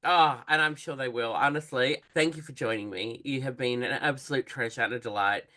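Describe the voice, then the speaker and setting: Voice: mid-range voice, brisk, sharp tone. A podcast host chatting casually, exuberant and gushing, swearing freely.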